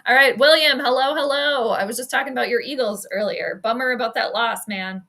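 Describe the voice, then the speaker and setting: Bright-voiced woman streamer. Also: on the high side. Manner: chatty, quick reactions, frequent laughs and self-deprecating asides. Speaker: sports astrology streamer and commentator. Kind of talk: casual live-stream game commentary.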